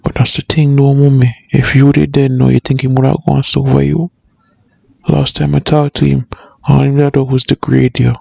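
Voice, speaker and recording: A man's voice: mid-range voice, completely flat delivery, normal speed, vocal fry, darkish tone, husky, dry recording, muffled recording. A man with a Jamaican accent voicing a cartoon character in an easygoing, laid-back patois. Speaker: cartoon voice actor. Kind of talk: casual cartoon voice acting.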